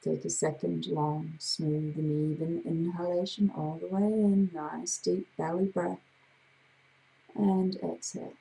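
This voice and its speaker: A woman hypnotherapist with a gravelly voice, leading a slow, soothing guided breathing exercise. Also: on the low side, little pitch movement, dark tone, poor audio. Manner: slow, soothing, drawn-out guidance.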